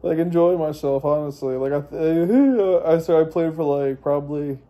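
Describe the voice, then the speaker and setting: A man's voice: a little high, normal speed, warm tone. A young man telling a personal story in a rambling, profane monologue, full of fillers and restarts. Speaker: vlogger.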